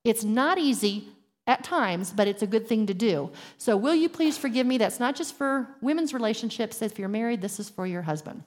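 A middle-aged woman gives a candid, earnest teaching talk to a women's group. Her voice sits a little high, and she often acts out short dialogues to make her points. The sound rings with a long hall reverb. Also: animated, normal speed.

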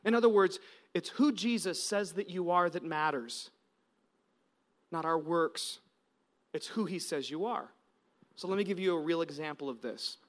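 An American man in his thirties, a pastor preaching a sermon with animated storytelling that swings between loud and hushed. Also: a little high, moderate pace, long pauses.

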